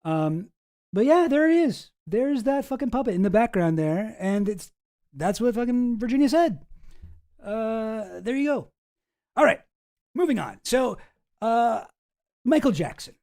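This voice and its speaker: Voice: medium pitch, sing-song, unhurried, pauses often, mellow. A streamer giving casual commentary on news files, rambling, sarcastic and swearing freely, with many restarts.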